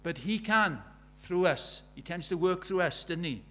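A man's voice: high voice, expressive, measured pace, pushed and bright. Man preaching a conversational sermon. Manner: conversational storytelling, rising to urgent emphasis.

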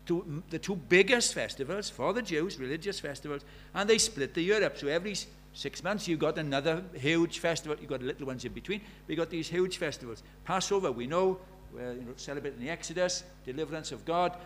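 A man's voice: a little high, fairly quick, few pauses, fairly bright tone, slight background noise. A man preaching a sermon, emphatic, repeating key phrases and asking the listeners rhetorical questions.

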